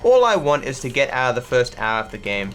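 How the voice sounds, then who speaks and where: An Australian streamer with a mixed, not typically Australian accent rambles through casual gameplay commentary with frequent restarts and free swearing. His mid-pitched, slightly bright voice swings widely in pitch and runs fairly quick, with faint music in the background.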